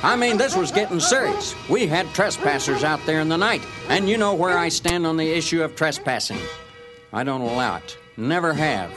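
A man's voice: on the high side, expressive, normal speed, music in the background. A man narrating a story in character as a cocksure male ranch dog, in a folksy, self-important manner.

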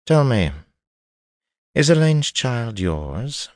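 A man voicing a cool, scheming noblewoman who speaks smoothly and primly in an audiobook reading. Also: mid-range voice, big pitch swings, drawn-out words, darkish tone, dry recording, studio quality, voice pushed up. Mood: cool, probing.

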